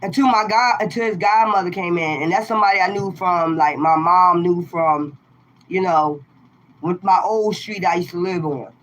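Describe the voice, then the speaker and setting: A woman tarot reader talks straight to her viewers, spinning a personal story in a loose, conversational way. She is emphatic and animated throughout, and the recording sounds dull and lo-fi. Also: lowish voice, normal speed, a little hiss or hum.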